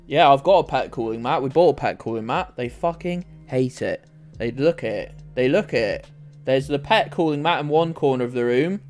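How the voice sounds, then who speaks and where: Swearing freely as he rambles to viewers, a man from the United Kingdom plays a geography game on stream. His voice is a little high with a darkish tone, and faint music plays beneath the casual chat.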